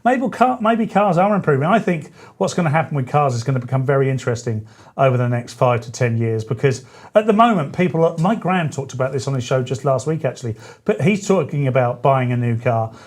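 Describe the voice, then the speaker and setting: A man, hosting a live-stream show in a chatty, joking way with quick asides. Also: medium pitch, darkish tone. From England. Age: 40s. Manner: chatty, jokey, self-correcting asides. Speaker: show host. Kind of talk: casual live-stream chat.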